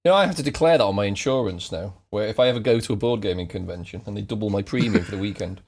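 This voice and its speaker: A man's voice: lowish voice, racing, gravelly, darkish tone, breathy edge. A man co-hosting a podcast, mocking the others with a laugh. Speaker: podcast co-host. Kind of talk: casual podcast banter.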